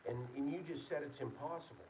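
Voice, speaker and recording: A man's voice: fairly high pitch, a little hiss or hum, pitched above the performer's own voice, close to an everyday voice, low-quality recording. A man voicing a furious middle-aged businessman screaming at his engineer. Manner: shouting, slowed and emphatic.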